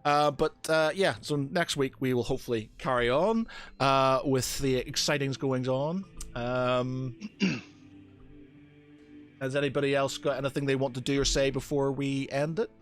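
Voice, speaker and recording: A man's voice: mid-range voice, steady tone, moderate pace, soft background music. A man from Northern Ireland running a tabletop game as game master, hesitant and full of fillers.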